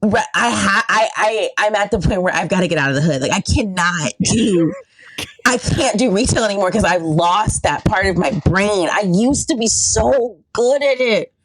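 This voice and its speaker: Animated woman telling a funny story. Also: mid-range voice, moderate pace, a little hiss or hum, low-quality recording. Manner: animated, acts out voices, laughs often. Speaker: podcast guest comedian. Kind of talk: casual storytelling chat.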